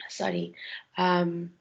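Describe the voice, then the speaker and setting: Husky woman tutor on a dull video call. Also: fairly low pitch, darkish tone. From South Africa. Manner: explanatory, frequent ums and restarts. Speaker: university tutor. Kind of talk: online tutorial lecture.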